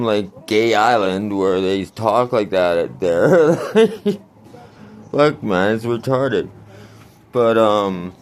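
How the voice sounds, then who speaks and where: A man in his forties telling a rambling, crude story in a casual vlog, laughing often. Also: lowish voice. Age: 40s. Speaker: vlogger.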